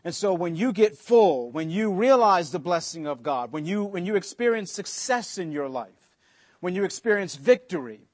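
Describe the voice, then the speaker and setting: A male pastor delivers a sermon with a slightly high-pitched voice. He preaches conversationally, drops in joking asides, and slows down deliberately to stress key points. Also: animated.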